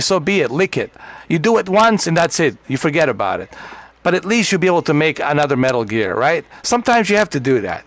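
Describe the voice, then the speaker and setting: A man's voice: fairly high pitch, a bit bright. A man ranting bluntly and profanely in a casual gaming party chat. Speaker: streamer.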